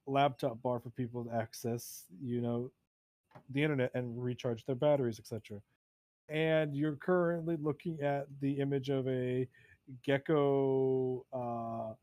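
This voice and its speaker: A man running a tabletop game as game master, narrating in a halting way with many fillers. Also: mid-range voice, dark tone, dry recording.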